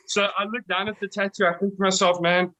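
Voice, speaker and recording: A young man from South Africa tells a rowdy tour story as a podcast guest, laughing and swearing along the way. His voice sits a little high and sounds bright and forceful. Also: moderate pace, low-quality recording. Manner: excitable, swears a lot, laughs often. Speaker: band vocalist, guest. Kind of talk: casual storytelling.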